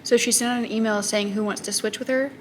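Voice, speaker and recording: A woman who teaches high school math, chatting casually to camera in a self-deprecating way and laughing often. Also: steady tone, quick pace. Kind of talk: casual vlog chat. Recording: noticeable background noise.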